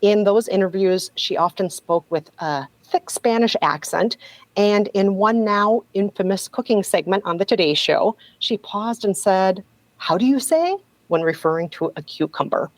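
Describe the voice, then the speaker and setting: A woman's voice: medium pitch, normal speed, no echo, rough recording. A woman guest on a podcast, telling a story in a sardonic, casual way and laughing often.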